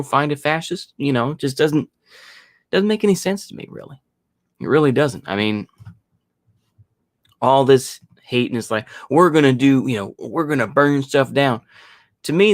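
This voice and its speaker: Male podcast host, mid-pitched, rambling and sarcastic, casual solo rant, dry recording. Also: fairly bright tone, no echo. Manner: rambling, many fillers and restarts; sarcastic mocking asides. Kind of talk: casual opinion monologue.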